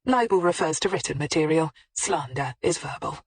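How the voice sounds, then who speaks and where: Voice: mid-range voice, lively intonation, normal speed, breathy edge, no room sound. A composed woman detective who presses a suspect politely and doggedly, with a mild ironic edge, as an audiobook narrator voices her. Her lines sit in a mid register. The audiobook is recorded close and dry. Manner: politely persistent, mildly ironic. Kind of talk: audiobook character voicing.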